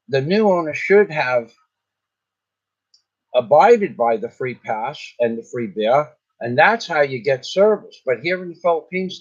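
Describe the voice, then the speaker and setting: A man's voice: a little high, dull audio. A man telling a rambling, indignant story in a casual vlog, often restarting his sentences. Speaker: vlogger. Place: in the Philippines.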